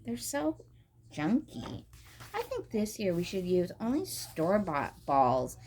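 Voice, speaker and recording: A woman's voice: medium pitch, huge pitch swings, slow pace, a little mellow, slightly rough, full character voice. Bossy teen older sister, dismissive and prim, voiced lightly by a woman reader. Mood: haughty.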